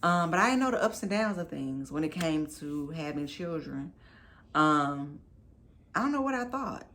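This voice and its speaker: A woman's voice: sits low, expressive, normal speed, fairly bright tone. A woman in her thirties, a new mom telling her story to camera in a candid, chatty, emphatic way.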